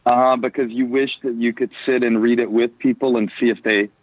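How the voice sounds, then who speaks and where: A man's voice: mid-range voice, flat delivery, brisk, dry recording. A man from the American South with a Southern accent, a pastor calling in as a guest, playful and chatty. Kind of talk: casual phone conversation. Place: on a porch. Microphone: phone call. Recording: tinny dry phone line.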